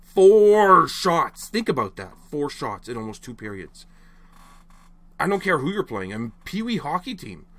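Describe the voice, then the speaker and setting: A man's voice: mid-range voice, very animated, moderate pace, fairly bright tone. Exasperated young man ranting about hockey. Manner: exasperated, rambling, apologizes after outbursts. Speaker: hockey fan vlogger. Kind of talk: casual rant to camera.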